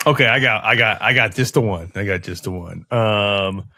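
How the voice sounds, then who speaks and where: A man's voice: on the low side, normal speed, pushed and bright. A man hosting a podcast in casual chat, steering the topics. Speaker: podcast host.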